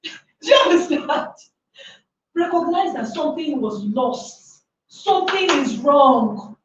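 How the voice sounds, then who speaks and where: A high-voiced woman gives a motivational workshop talk, emphatic and quick to throw questions at the room. Her voice comes from well off the microphone, with a lot of room echo. The sound is dull and muffled, with faint noise underneath. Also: very animated, recorded from a distance. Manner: emphatic, with many rhetorical questions. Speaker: workshop speaker. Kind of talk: motivational talk to a live audience.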